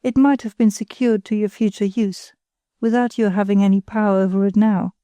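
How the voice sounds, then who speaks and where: A woman's voice: mid-range voice, steady tone, a little fast, dark tone, no echo, natural voice. A woman reading the part of a young man, a blunt and scornful brother.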